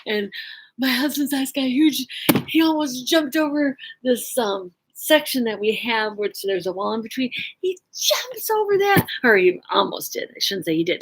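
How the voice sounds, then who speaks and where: A woman's voice: a little high, expressive, slow, pauses often, a bit bright, husky, low-quality recording. A woman vlogger casually telling a personal story, rambling with lots of fillers and restarts. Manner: laughs often while telling a story.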